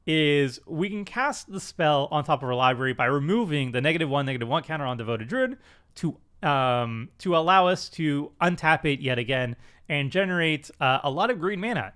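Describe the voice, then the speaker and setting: A man's voice: a little high, lively intonation, normal speed, a bit bright, clear, resonant tone. A man hosting a card game stream, talking casually with lots of fillers and restarts in a chatty, self-deprecating way. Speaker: commander stream host. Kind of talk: casual card review chat.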